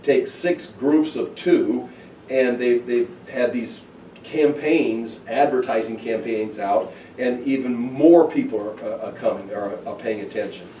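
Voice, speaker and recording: A man teaching through a Bible passage, talking casually and acting out the scenes with lively bursts. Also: mid-range voice, measured pace, a little hiss or hum. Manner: animated, acts out scenes with excited outbursts. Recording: echoey room, heard from a distance.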